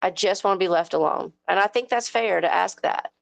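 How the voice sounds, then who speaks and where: A woman's voice: mid-range voice, brisk, gravelly, dry recording. A woman with a Southern US accent, co-hosting a livestream at home on a headset mic, talking bluntly and with lots of swearing. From American South. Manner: blunt, profane, fired-up. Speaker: livestream co-host. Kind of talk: heated casual livestream rant. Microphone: headphones with mic.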